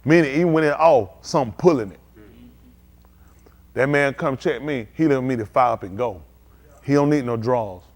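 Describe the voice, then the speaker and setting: A man preaching a live-streamed sermon at a synagogue service, in a folksy, conversational way, asking the congregation questions and now and then breaking into loud outbursts. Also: medium pitch, moderate pace, long pauses.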